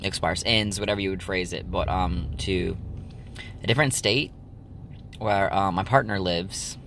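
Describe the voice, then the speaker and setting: A man's voice: deep voice, a little slow, a bit bright, a little hiss or hum. A young man chatting casually to his viewers, rambling with lots of ums and likes. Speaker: vlogger. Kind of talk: casual chat to camera.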